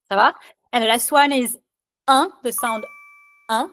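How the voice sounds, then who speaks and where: A woman's voice: a little high, a little slow, long pauses, a bit bright, no echo. Chatty woman teaching pronunciation. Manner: chatty, filler-heavy, laughs at French spelling. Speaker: French instructor. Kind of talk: casual online lesson.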